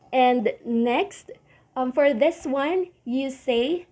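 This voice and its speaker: A woman with a fairly high voice walks through tricky English words at an unhurried pace. She says each word carefully, repeats it, and corrects herself now and then. Her tone is casual, like a relaxed lesson. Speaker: pronunciation teacher. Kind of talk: casual teaching.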